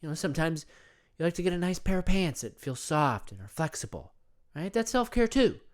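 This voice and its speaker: A man's voice: a little high, animated, brisk, natural voice. A man playing a rambling, self-absorbed self-care guru who talks about himself in the third person, in a comedy monologue. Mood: soothing. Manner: earnest, rambling, repeats himself.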